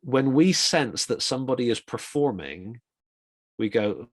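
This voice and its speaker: Middle-aged man giving a relaxed talk. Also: mid-range voice, dry recording, studio quality. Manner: informal, reflective, with quick asides. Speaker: speaker on communication for ministry. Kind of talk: conversational talk.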